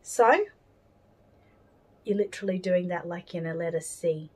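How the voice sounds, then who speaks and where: An Australian woman giving a craft tutorial, rambling cheerfully and thinking out loud with plenty of fillers. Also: fairly low pitch, unhurried, breathy edge, low-quality recording. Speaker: doll-making tutor.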